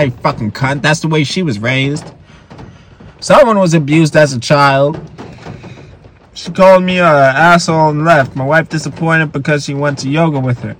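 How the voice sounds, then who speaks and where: A man's voice: fairly high pitch, a little hiss or hum. Profane, ranting male podcast host. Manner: profane ranting and yelling at the stories. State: tired. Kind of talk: solo comedy podcast reading posts aloud.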